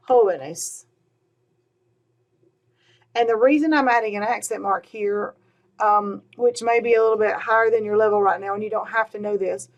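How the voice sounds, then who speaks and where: In a medium-pitched voice, a woman leads a recorded lesson on Spanish grammar. She goes slowly and patiently, repeating words and saying "all right" and "um" as she moves between points.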